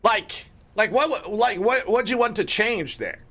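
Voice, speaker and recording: A man's voice: sits high, lively intonation, unhurried, bright, forceful tone. A young man streaming a video game, swearing and ranting in an exasperated way while he plays. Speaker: gaming streamer. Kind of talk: casual gameplay commentary.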